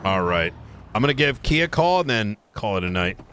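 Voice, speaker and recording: A man chatting loosely during a roleplay game stream, his pitch swinging up and down as he rambles through fillers. Loud game car noise runs under his voice. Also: big pitch swings, brisk. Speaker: roleplay player as police officer.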